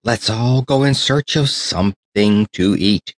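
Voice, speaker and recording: A man's voice: on the low side, a little slow, no room sound, studio quality, lightly acted. A man voicing a jolly male tin soldier toy in a children's story, with a hearty, cheerful call.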